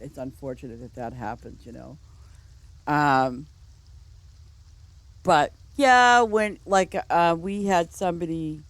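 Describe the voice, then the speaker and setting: A woman game streamer chatting casually and telling rambling stories, full of "you know" and restarts. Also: low voice. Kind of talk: casual storytelling chat.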